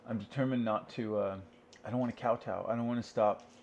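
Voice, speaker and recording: A man's voice: medium pitch, fairly even intonation, normal speed, darkish tone, slight background noise. A man venting in a rambling solo rant at home, asking and answering his own questions and swearing freely. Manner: rambling, profane, talks to himself. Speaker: vlogger. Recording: dull lo-fi recording.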